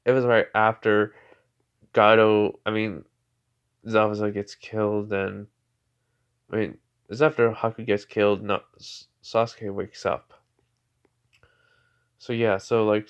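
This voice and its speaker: A man's voice: lowish voice, little pitch movement, measured pace, long pauses, clear, resonant tone, highs cut off. A man casually making up a fan fiction story aloud, rambling with lots of "like" and "you know" and often correcting himself.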